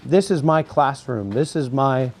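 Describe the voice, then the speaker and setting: A man's voice: medium pitch, lively intonation, measured pace, a little mellow. A man who is a former Buddhist monk, talking to camera outdoors in a graveyard. He rambles and preaches, repeating phrases over and over.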